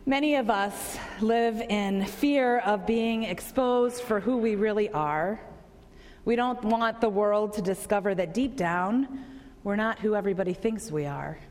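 A woman's voice: medium pitch, a little slow, darkish tone, long reverb tail. A woman pastor giving a conversational sermon to a congregation, asking them questions.

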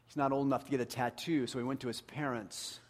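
An earnest pastor preaching a sermon, his voice pitched in the ordinary middle range for a man. He leans into his points and sinks to a hushed near-murmur to stress them. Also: fairly even intonation, fast. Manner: earnest, drops to a hushed voice for emphasis.

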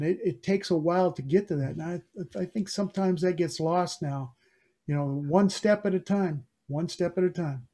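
An older man and pilot, talking in a casual interview, halting with many restarts and fillers. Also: high voice, warm tone. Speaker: guest, airline pilot.

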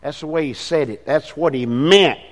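An older man, preaching a fervent sermon as pastor in a church, swinging between hushed and loud passages. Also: a little high, moderate pace, long reverb tail. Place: church sanctuary.

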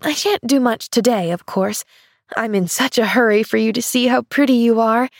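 A woman's voice: high-pitched, lively intonation, a little slow, no echo, clean studio sound, pitched above the performer's own voice. A woman voicing a cheerful, eager little girl who gushes breathlessly in a storybook reading. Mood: gushing. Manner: gushing, breathless and exclamatory.

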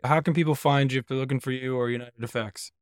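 A man's voice: mid-range voice, fairly even intonation, fast talker, no echo. Chill podcast host guy, jokey, dry close mic on a call. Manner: jokey, easygoing. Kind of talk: casual podcast interview. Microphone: remote call.

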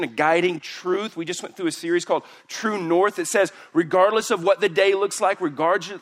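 A man preaching a sermon as pastor, acting out quoted voices with big jumps in pitch. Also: fairly bright tone.

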